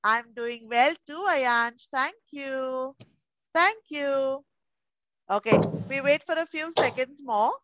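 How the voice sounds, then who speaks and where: A pre-school teacher with an Indian English accent runs an online class for young children, calling them darling as she coaxes each one affectionately. Her high, bright voice is close and dry, heard through a muffled video call. She speaks slowly, and the recording is dry.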